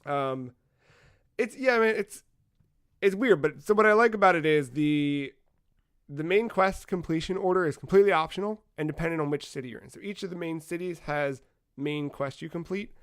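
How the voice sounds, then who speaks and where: Man, higher voice, podcast co-host, casual gaming chat, animated storytelling, swears. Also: moderate pace, clear, resonant tone.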